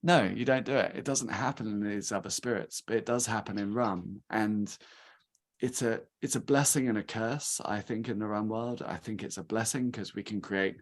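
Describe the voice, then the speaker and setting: A man's voice: lowish voice, normal speed. A man in his thirties from England, talking casually at a rum tasting and acting out quoted reactions. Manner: chatty, animated, acts out quoted reactions. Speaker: guest speaker from a rum company.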